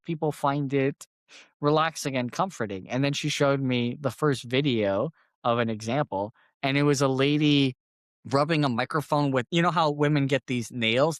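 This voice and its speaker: A man's voice: medium pitch, dry recording, clean studio sound. A man hosting a comedy podcast, telling stories in a casual way and laughing often. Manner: animated storytelling, laughs often.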